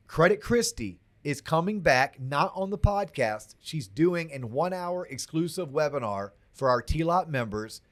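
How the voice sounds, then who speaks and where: A male podcast host talks in a loose, chatty way with an upbeat pitch for events. His pitch sits in the middle range. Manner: chatty, upbeat promo delivery. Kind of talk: casual podcast chat.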